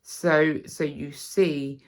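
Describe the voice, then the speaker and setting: A woman with a non-RP British accent teaching an accent tutorial, halting and repeating herself, often starting with "so". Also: low-pitched, steady tone. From Britain. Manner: halting, repeats words, starts many lines with "so".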